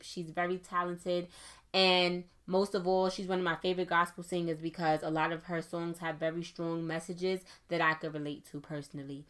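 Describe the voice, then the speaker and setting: Young woman podcast host; quick, chatty delivery with a bright, forceful edge. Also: fairly low pitch. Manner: chatty, fast-talking, affirming with "okay?". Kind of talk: casual faith podcast monologue.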